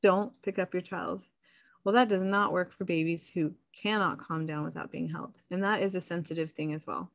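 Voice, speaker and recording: A woman in her thirties hosting a parenting podcast, talking earnestly and casually, with soft laughs and quick acted-out bits of parents' voices. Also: fairly low pitch, creaky, muffled recording. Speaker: podcast host, sleep consultant. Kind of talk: casual solo podcast talk.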